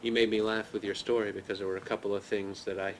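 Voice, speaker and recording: A man hosting a talk show, chatting calmly with his guest. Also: fairly low pitch, fast talker, a little hiss or hum. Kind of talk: casual interview chat.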